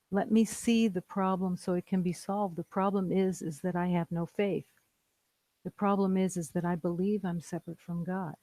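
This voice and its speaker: A spiritual teacher speaks slowly and evenly, with a gravelly, mellow voice. The talk is calm and meditative, built on repeated declarations. The sound is dry and close. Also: medium pitch, dry recording, rough recording. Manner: calm, repetitive, declarative phrasing.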